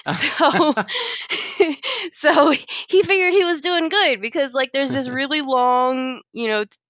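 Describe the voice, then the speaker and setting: A woman's voice: high-pitched, slow pace, fairly bright tone, no echo. A woman co-hosting a podcast, telling a story in a casual chat and laughing often as she goes. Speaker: podcast co-host.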